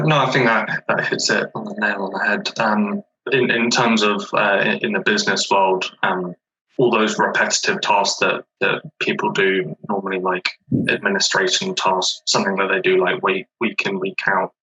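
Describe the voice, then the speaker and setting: Man in his twenties, low flat delivery, bright husky tone, developer, careful, hesitant. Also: lo-fi sound. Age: 20s. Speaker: automation developer. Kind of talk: casual webinar discussion.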